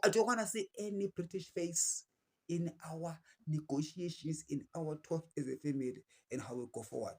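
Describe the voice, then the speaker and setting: Fiery Zimbabwean man, higher-pitched voice. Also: moderate pace, slightly rough. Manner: fiery, preachy, defiant, repeats phrases for emphasis. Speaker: political commentator. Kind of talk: impassioned political address to camera.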